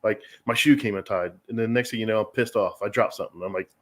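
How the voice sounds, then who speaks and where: Podcast guest: middle-aged man, low voice, fast candid talk, self-deprecating, lots of restarts. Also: a bit bright. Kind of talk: casual podcast chat.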